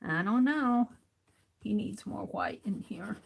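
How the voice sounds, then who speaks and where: A woman's voice: medium pitch, animated, slow pace, creaky, heavy background noise. A woman hosting a casual art journaling stream from her craft desk, chatting and thinking aloud as she works, often repeating her own phrases. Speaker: art journaling livestream host. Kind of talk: casual chat while crafting.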